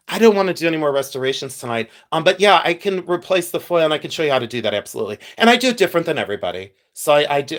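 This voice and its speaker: A man's voice: fairly high pitch, fairly bright tone. A man hosting a casual live stream, telling stories and answering viewers' comments by name. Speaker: livestream host.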